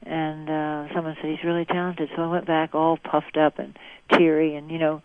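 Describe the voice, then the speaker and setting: An older actress as a guest, telling long rambling stories and dropping many "you know"s. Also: female voice, deep voice, fairly even intonation, fairly quick, slight background noise. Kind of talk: anecdotal interview chat. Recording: dry tinny phone-like line.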